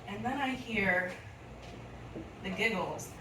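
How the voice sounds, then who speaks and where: A young woman telling a comic story on a club stage, her voice a little high and delivered slowly and deliberately. She sounds animated and acts out the other voices. The sound is echoey and picked up from a distance, with noticeable room ambience behind her. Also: background noise. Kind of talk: live comedic storytelling. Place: club stage before a live audience.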